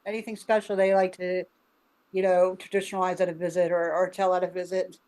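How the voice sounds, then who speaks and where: Sick with covid, a woman from Arkansas hosts a casual group video call, chatty and laughing and talking with many fillers. Her voice is fairly low and a little mellow, with a level tone and slightly fast pace.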